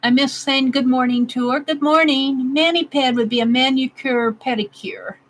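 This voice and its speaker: A woman's voice: high voice, normal speed, slight background noise, poor audio. Giggly woman in her sixties chatting. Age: 60s. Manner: chatty, giggly, reads out comments. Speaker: craft livestream host. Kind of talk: casual chat with live viewers. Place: home craft room.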